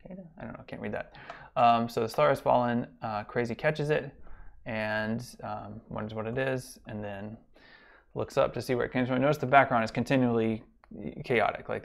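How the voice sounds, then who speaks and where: Gravelly man lecturing casually. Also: mid-range voice, steady tone, normal speed. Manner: rambling, many fillers and restarts. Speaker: college instructor.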